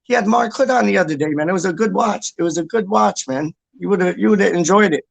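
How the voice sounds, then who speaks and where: A man's voice: sits high, a little fast, vocal fry, dry recording. A man hosting a casual livestream, rambling and repeating himself as he reads out comments and swears in passing. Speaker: livestream host. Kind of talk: casual chat reading viewer comments.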